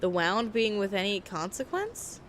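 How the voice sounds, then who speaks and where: An American woman streamer reading a visual novel aloud and chatting in an animated, jokey way, often laughing. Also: mid-range voice, a little slow, a little hiss or hum.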